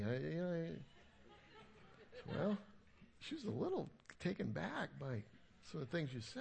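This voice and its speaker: A man's voice: fairly high pitch, sing-song, moderate pace, vocal fry, pauses often, darkish tone. A middle-aged man, a pastor, preaching a sermon in a conversational, self-deprecating storytelling way.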